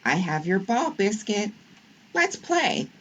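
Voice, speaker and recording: A woman's voice: medium pitch, sing-song, slow, muffled recording, a little hiss or hum, voice pushed up. A woman voicing a cheerful little girl who calls for her puppy in a sing-song way in a storybook read-aloud. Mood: calling. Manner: bright calling, sing-song.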